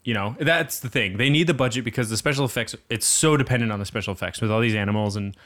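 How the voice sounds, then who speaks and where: A man's voice: medium pitch, quick pace, fairly bright tone. A man hosting a casual podcast chat, laughing often and rambling animatedly between topics. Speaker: podcast host.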